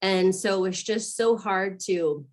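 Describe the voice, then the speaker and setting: This is a woman in her thirties from Arizona, a guest mother in an interview. Her medium-pitched voice runs a little slow as she candidly tells a personal story, laughing often and acting out what people said.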